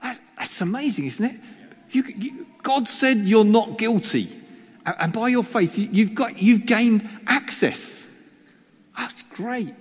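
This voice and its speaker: A man's voice: sits high, animated, takes it slowly, husky. A male preacher giving a chatty sermon, teasing the congregation and poking fun at himself. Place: church hall. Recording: long reverb of a church hall.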